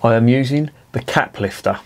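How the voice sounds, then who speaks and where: A man's voice: mid-range voice, normal speed, slight background noise. A man rambling chattily through a casual beer review vlog, with plenty of fillers and the odd swear word.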